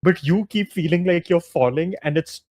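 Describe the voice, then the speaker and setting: A man's voice: sits high, normal speed, a little mellow. A young man narrating as game master in a tabletop game, casual and full of fillers, often laughing.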